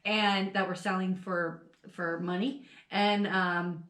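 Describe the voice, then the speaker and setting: A woman co-hosting a podcast, telling stories in an animated, swearing, laughing casual chat. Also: on the low side, slow, echoey room. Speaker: podcast co-host. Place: home dining room.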